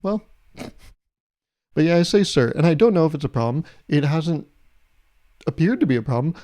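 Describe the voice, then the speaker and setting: A man's voice: a little high, expressive, moderate pace, warm tone. A young man hosting a solo podcast, riffing in a self-mocking way and acting out little imagined exchanges. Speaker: podcast host. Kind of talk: solo comedic podcast monologue.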